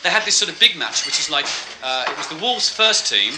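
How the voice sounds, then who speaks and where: A man's voice: on the high side, big pitch swings, a little fast, background noise. A man telling a rambling, self-mocking stand-up story with laughing asides. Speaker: stand-up comedian.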